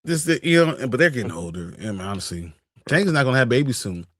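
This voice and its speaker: Lively joking man co-host. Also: quick pace, no echo, studio quality. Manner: joking, laughs often, lively pitch. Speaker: co-host of a movie news stream. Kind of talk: casual chat.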